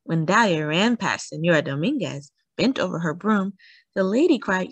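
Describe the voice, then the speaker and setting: A woman hosting storytime, reading a children's book aloud with expressive, animated storytelling. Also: lowish voice, normal speed, slightly rough, no room sound. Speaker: storytime host.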